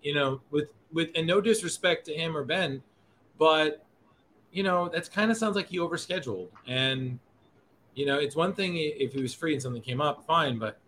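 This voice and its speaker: A man's voice: a little high, moderate pace, fairly bright tone, a little hiss or hum. A man hosting a podcast in casual chat who rambles, swears and corrects himself as he goes. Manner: rambling, profane, self-correcting. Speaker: podcast host.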